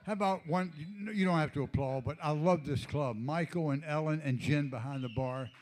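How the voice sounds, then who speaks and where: A man in his eighties hosting a live comedy night, telling meandering deadpan stories with lots of asides. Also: on the high side, moderate pace, a little hiss or hum. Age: 80s. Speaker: comedy host. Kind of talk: rambling stand-up storytelling.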